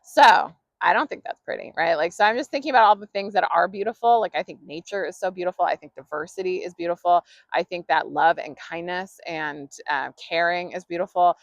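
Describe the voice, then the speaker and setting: Gravelly chatty woman podcaster. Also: fairly low pitch, fairly quick, few pauses, no room sound, lo-fi sound. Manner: chatty, rambling, many fillers and laughs. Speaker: podcast host. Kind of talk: casual solo podcast monologue.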